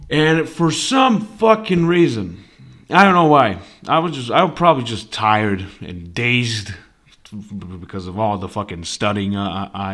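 Young guy swearing nonstop while he rambles through a story, voice jumps around a lot, bright edge. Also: lowish voice. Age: young adult. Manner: profane, rambling and animated. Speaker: podcast host. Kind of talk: casual storytelling monologue.

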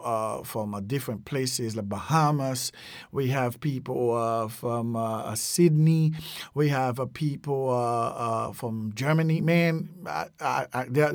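A man's voice: medium pitch, no echo, clean studio sound. A man hosting a podcast, teaching useful phrases casually, repeating each one and using plenty of fillers. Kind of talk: casual language lesson.

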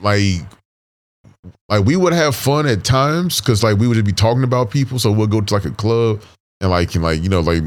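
A man with a very low, deep voice talks loosely as a guest on a casual podcast. He rambles, stacks filler words and curses freely as he tells his stories. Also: animated, moderate pace. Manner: rambling, full of fillers and profanity.

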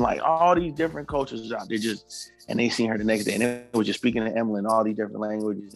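Man, casual podcast storytelling, animated, swears freely, faint music behind. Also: on the low side, vocal fry. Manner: animated, laughing, acts out quotes, swears freely.

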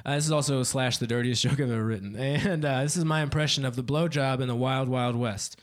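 A man's voice: medium pitch, steady tone, brisk. A young man doing a stand-up comedy set on a club stage, swearing freely and laughing at his own jokes.

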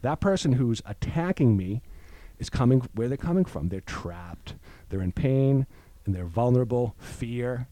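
A man's voice: medium pitch, unhurried, no echo. A man in recovery, telling a story in casual chat and acting out the voices of the people in it. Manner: animated storyteller, acts out voices. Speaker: guest in recovery.

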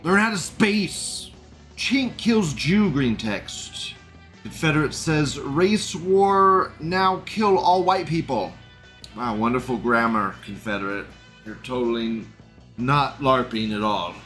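A man's voice: mid-range voice, a bit bright. A man hosting a show, reading forum threads aloud and commenting on them in a sarcastic, crude way. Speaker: host.

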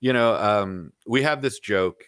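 Podcast guest, man, middle-aged, low and dry, blunt and rambling, casual. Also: unhurried, fairly bright tone, clear, resonant tone, no echo. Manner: blunt, rambling, frequent "you know". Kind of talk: casual opinionated chat.

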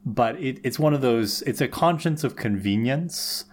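A man's voice: mid-range voice, lively intonation, moderate pace, slight background noise. A man co-hosting a podcast, casually analysing characters and thinking aloud with restarts. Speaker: podcast co-host.

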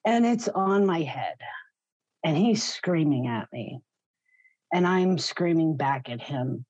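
Slow, husky middle-aged woman. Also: low voice, lively intonation, darkish tone, no echo. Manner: raw, blunt, swears freely. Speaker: guest sharing her story. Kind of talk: personal testimony in an interview. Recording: slightly muffled, dry recording.

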